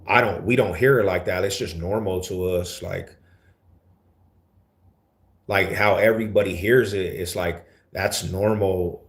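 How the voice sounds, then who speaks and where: Very low-voiced East Denver man, slangy. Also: fairly even intonation, measured pace. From Denver, USA. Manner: laid-back slangy talk, calls people homie and fool. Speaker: livestream host. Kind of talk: casual livestream chat answering viewers.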